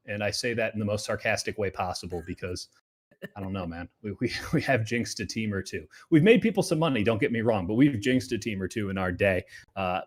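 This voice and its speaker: A man hosting a sports betting show, talking casually and loosely, often dropping into quiet asides. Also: lowish voice, brisk.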